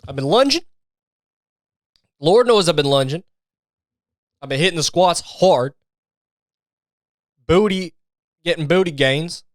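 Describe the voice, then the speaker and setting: A man's voice: on the high side, animated, takes it slowly, pauses often, dry recording. A young man hosting a podcast, telling stories in a rambling, profane, joking way and mimicking people for laughs. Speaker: podcast host. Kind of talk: casual comedic monologue.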